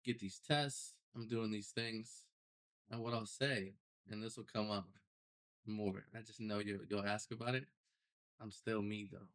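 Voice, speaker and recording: A young man, a podcast guest, telling his personal story in a casual, animated way with loose slang. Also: lowish voice, a little slow. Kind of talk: storytelling interview.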